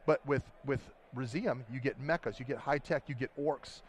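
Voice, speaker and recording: A man's voice: medium pitch, moderate pace, a little hiss or hum. A man, a game designer, explaining his tabletop game at a convention floor interview, talking eagerly and rambling with restarts. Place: busy convention hall.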